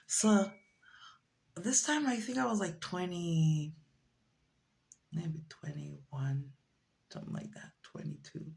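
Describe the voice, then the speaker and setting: Over a rough recording, a woman in her forties shares a personal story as a casual vlog monologue in a medium-pitched voice. She is animated and performs the voices of the people she quotes.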